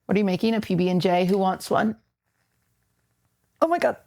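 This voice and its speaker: In her kitchen at home, a streamer chats with her audience in an easygoing way, teasing herself in jokes directed at the chat. She speaks briskly in a mellow, mid-range voice.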